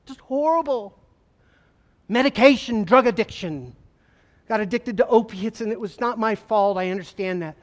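Man, high voice, earnest halting testimony, former trooper, long reverb of a large hall. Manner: earnest, halting storytelling with repetitions. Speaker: former state trooper giving his testimony. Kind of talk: emotional personal testimony to an audience.

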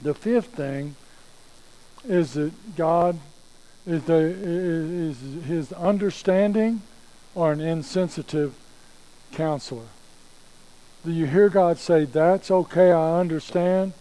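A man's voice: on the high side, slow pace, pauses often, mellow, low-quality recording. A pastor preaching a conversational sermon, repeating phrases and restarting his sentences as he goes.

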